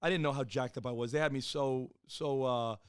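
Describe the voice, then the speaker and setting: A man in his thirties, a podcast guest, telling his own story in a casual, profane, animated way and acting out the people he quotes. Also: mid-range voice, brisk, clean tone, no room sound, clean studio sound. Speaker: podcast guest, former Marine and police officer.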